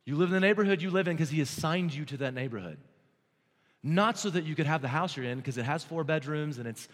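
A man preaching a sermon as pastor, swinging from hushed, low passages to loud, excited stretches. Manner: dynamic, swings from hushed to shouting. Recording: long hall reverb.

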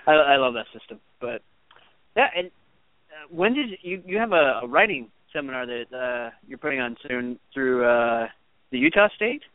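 A man's voice: mid-range voice, expressive, moderate pace, no echo. A man hosting a casual interview, easygoing and chiming in with brief, friendly interjections. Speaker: podcast host. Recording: tinny phone line, dry.

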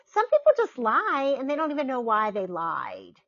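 On her podcast, a middle-aged host chats casually and brings her stories to life by performing the quoted voices. She speaks in a high-sitting voice at a moderate pace. The recording comes across muffled.

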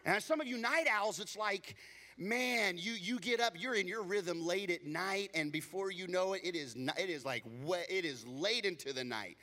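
Pastor guy preaching, jokey and chatty, fairly high bright voice, long echo like a big church. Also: expressive, normal speed. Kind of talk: sermon.

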